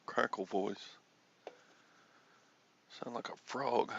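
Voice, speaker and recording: An older man talks slowly in a rambling, easygoing way, his voice crackly with a morning frog. The tone is deeply gravelly and husky. The recording sounds dull and lo-fi. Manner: easygoing, rambling, clears his throat often. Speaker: host. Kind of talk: casual chat.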